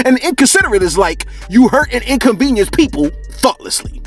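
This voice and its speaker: A male entertainment host giving slangy, animated celebrity gossip commentary and chuckling often as he talks. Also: high-pitched, brisk, few pauses, breathy edge, soft background music.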